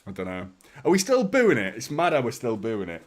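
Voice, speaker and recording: A man's voice: medium pitch, huge pitch swings, a little fast. Chatty man on a live stream. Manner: chatty, greets viewers by name, swears casually. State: a little out of breath. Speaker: football watchalong streamer. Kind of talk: casual live stream chat.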